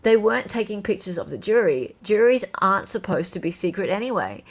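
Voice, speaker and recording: A woman hosting a casual livestream, chatting and reading viewer comments aloud in an animated way. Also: mid-range voice, brisk. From Australia. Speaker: host.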